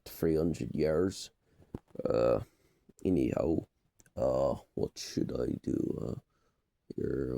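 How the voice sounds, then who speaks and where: Slow, rambling man with a low, mellow voice. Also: gravelly, no room sound. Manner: meandering and playful, full of fillers, dips into mock accents. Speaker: vlogger. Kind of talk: rambling casual monologue.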